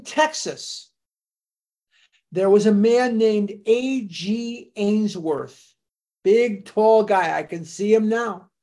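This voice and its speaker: An older speaker at a recovery fellowship gathering, telling its early history in a deliberate, storytelling way and dwelling on dates and names. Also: medium pitch, a little mellow.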